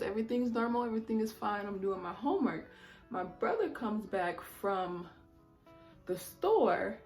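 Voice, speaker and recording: A woman in her twenties chatting casually while doing her makeup, talkative and animated, often saying "mind you". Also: mid-range voice. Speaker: beauty vlogger.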